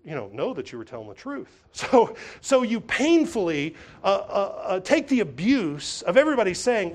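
High-voiced man preaching a sermon. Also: very animated, moderate pace. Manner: emphatic, repetitive preaching with frequent restarts; acts out voices of others when telling stories. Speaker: pastor.

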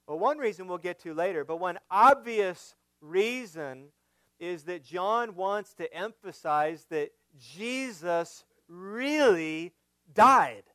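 A man preaching an expository sermon, building to emphatic, louder points as he drives home his argument. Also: sits high, expressive, no room sound. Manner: slow, emphatic preaching that rises when stressing a point. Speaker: pastor.

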